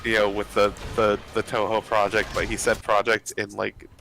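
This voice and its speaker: A man's voice: on the low side, completely flat delivery, normal speed, creaky, noisy background. A man chatting casually with friends while gaming, rambling with lots of fillers and restarts, over a voice chat headset.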